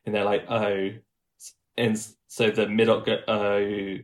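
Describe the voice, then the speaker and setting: A man's voice: lowish voice, monotone, fairly quick. A man coaching in easygoing podcast chat. He demonstrates sounds as he goes and laughs easily. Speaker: guest accent coach.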